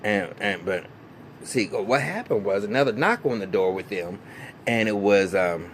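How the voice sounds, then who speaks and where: A man casually recapping a TV episode, swearing freely and acting out the characters' lines with an animated delivery. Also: unhurried, slight background noise. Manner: animated, profane, acts out characters' lines in raised pitch. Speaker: TV episode reviewer.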